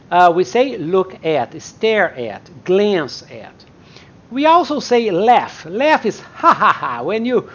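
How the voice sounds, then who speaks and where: Slow, lively-voiced woman teaching English. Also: medium pitch, highs cut off. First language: Portuguese. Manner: explains slowly, repeats example sentences, acts them out. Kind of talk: live online English lesson.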